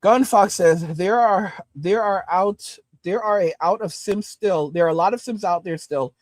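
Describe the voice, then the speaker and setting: A man's voice: sits high, moderate pace, dry recording. A man with a New York accent, ranting through profane, mocking commentary as a streamer.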